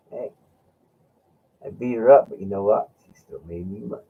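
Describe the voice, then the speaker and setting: A man's voice: lowish voice, animated, moderate pace, vocal fry, a little hiss or hum. A man hosting a casual chat, telling rambling stories with laughs and acting out what his friend said. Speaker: host. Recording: dull lo-fi sound.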